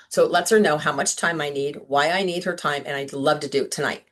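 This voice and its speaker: A woman sales director giving a chatty, upbeat training talk to her team on a video call, full of asides and quick questions. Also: low voice. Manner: chatty, upbeat, lots of "like" and "right?". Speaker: sales director coaching consultants.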